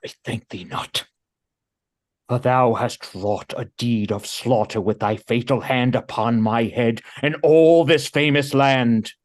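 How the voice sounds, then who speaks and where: A man's voice: medium pitch, slow pace, close to an everyday voice. A man reading the part of a guilt-stricken new king in a Shakespeare read-through over a video call. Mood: grave. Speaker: volunteer reader.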